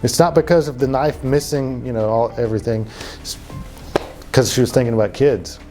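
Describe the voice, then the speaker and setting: A man's voice: mid-range voice, steady tone, fairly quick, mellow, soft background music. A man hosting a comedic true-crime podcast, telling the story in a loose, profane way full of fillers and asides. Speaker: podcast host.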